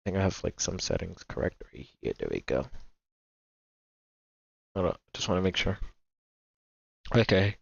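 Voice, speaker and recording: A man's voice: low-pitched, animated, normal speed, creaky, pauses often, no room sound. A young man hosting a reaction video, rambling casually, repeating himself and filling gaps with "like" and "bro". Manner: rambling, repeats himself, heavy filler words. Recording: dry, slightly dull home mic.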